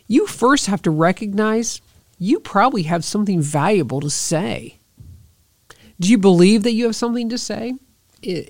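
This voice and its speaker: Earnest woman podcaster with gravelly fry. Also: low-pitched, a little mellow, dry recording, clean studio sound. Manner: earnest, encouraging, direct address with rhetorical questions. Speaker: podcast host. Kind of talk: motivational podcast monologue.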